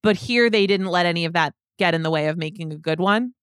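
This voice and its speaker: Clear-voiced woman analyzing sports contracts. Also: fairly low pitch, fast talker, a bit bright, no echo, clean studio sound. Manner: analytical, explains points step by step. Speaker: podcast co-host.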